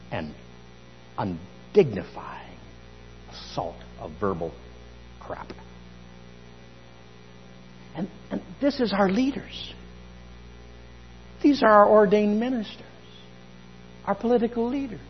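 Animated male pastor in reverberant church. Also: fairly high pitch, creaky, breathy edge, dull audio. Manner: emphatic storyteller, rising to loud outbursts. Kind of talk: sermon.

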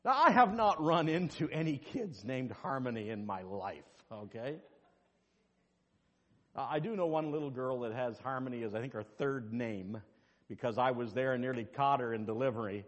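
A male pastor preaching a sermon and telling a personal story, swinging between quiet asides and loud, high-pitched exclamations. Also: muffled recording. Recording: long hall reverb.

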